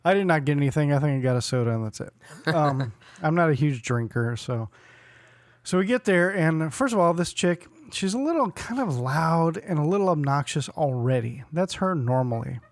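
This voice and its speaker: Man, forties, podcast co-host, casual storytelling, acts out quotes, slightly high voice, dry close sound. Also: moderate pace, no echo. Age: 40s. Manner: animated storyteller who acts out quotes and laughs often.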